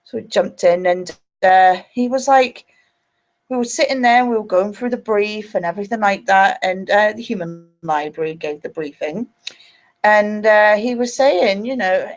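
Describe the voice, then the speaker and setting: A woman's voice: medium pitch, normal speed, highs cut off. A woman hosting a live stream, angry, sweary and ranting. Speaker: livestream host.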